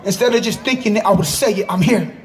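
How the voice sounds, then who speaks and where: A man giving an impassioned religious testimony outdoors in a park, often breaking into shouts and repeating himself for emphasis. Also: high-pitched, steady tone, fast talker, a faint crowd.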